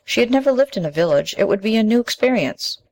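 A woman narrating a fairy tale in a measured, expressive storybook reading. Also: a little high, rough recording.

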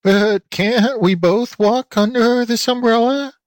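Bleaty goat lady, man putting it on, high and dry. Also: takes it slowly, dry recording. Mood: grateful.

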